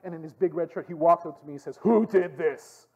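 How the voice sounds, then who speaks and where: A youth pastor with a Hawaiian Pidgin-tinged accent teaches a youth group, telling stories animatedly and often tossing "okay?" to the room. His voice is fairly high and racing with a breathy edge, and the recording sounds muffled.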